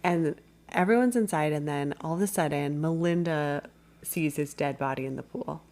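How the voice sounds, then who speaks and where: Podcast co-host, woman, lowish voice, chatty rambling recap style. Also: normal speed, darkish tone. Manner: rambling plot recap full of "like". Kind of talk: casual film-review chat.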